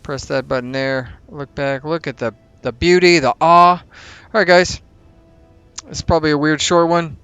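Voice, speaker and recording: A man talks through his game session in a relaxed, chatty way, thinking aloud as he plays. His voice has a gravelly, fry-laden edge while still sounding smooth and resonant. He drops in self-mocking asides between moves. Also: fairly high pitch, normal speed, no room sound, faint music behind. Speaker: let's play host. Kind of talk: casual gameplay commentary.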